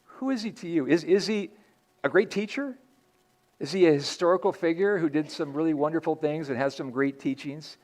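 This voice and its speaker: A man's voice: a little high, a little fast, darkish tone. A man preaching a sermon in a church as pastor, earnest and conversational, often restarting his sentences.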